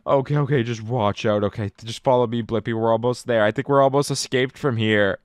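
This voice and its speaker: A player giving energetic gameplay commentary, narrating each move and exclaiming often. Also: mid-range voice, brisk, no echo. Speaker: game player.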